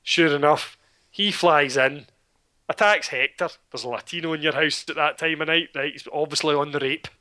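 Scottish man, sharp bright tone, sardonic, casual film chat. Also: a little high, normal speed. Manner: sardonic, swearing, animated storytelling.

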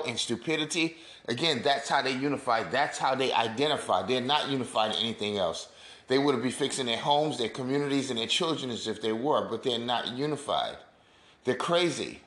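A man's voice: medium pitch, a bit bright, roomy sound. A man giving a scornful, preachy rant as he reacts to clips for his viewers. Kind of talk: ranting video commentary.

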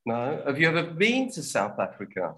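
Lively, higher-pitched male lesson host. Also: normal speed, rough recording. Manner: chatty, teasing banter with co-host. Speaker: host of an English lesson show. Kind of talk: hosting an English lesson.

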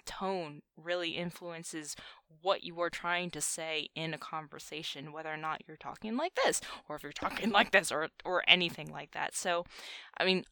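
A young woman co-hosting a podcast in casual chat, chatty and quick to laugh. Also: low-pitched, smooth, no echo. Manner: chatty, laughs often, animated. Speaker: podcast co-host.

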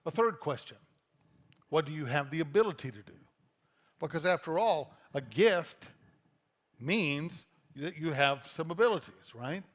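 A middle-aged male pastor delivers a sermon in a conversational, storytelling way. His voice sits a little high for a man. He drops into quick acted-out quotes before returning to his teaching. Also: lively intonation.

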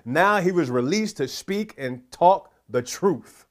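Fervent preacher man, higher voice. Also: animated, measured pace. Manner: fervent, prayerful, repetitive exhortation. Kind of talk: sermon.

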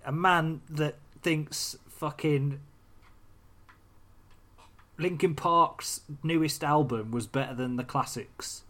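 Brash, sweary man bantering. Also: fairly high pitch. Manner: brash, swears a lot, laughs often. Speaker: podcast co-host. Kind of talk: casual podcast banter.

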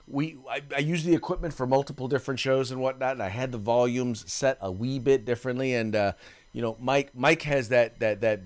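A man co-hosting a casual podcast, talking in an animated, rambling way with many restarts. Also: medium pitch. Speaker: podcast co-host.

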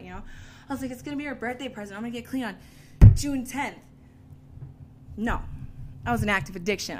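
A woman's voice: medium pitch, noisy background. Candid woman telling her own story. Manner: candid, animated storytelling with frequent laughs and fillers. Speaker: speaker sharing a recovery story. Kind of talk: casual personal testimony to an audience.

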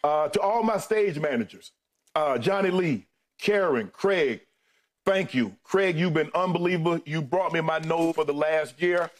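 Middle-aged man, on-air farewell, holding back tears, heartfelt thanks, slightly high voice. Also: a little slow. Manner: heartfelt, thanking colleagues one by one. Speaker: co-host saying farewell. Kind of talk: emotional on-air farewell speech.

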